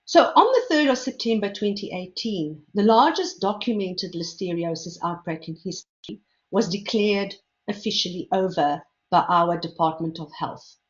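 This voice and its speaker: A woman's voice: medium pitch, expressive. Woman lecturing, dull audio. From South Africa. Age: older. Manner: measured, explanatory, stresses key words. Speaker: food safety expert giving a webinar talk. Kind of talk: lecture presentation.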